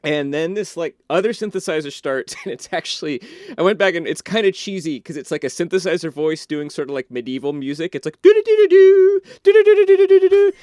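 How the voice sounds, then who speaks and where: Smooth-voiced man telling a story. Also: fairly high pitch, a little fast, dry recording, studio quality. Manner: animated, loose, full of "like" and restarts. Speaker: podcast guest. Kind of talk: casual storytelling, retelling a film.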